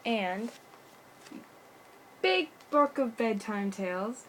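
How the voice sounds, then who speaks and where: A woman reading a bedtime story aloud at home, at a slow, gentle pace. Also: medium pitch, a little hiss or hum.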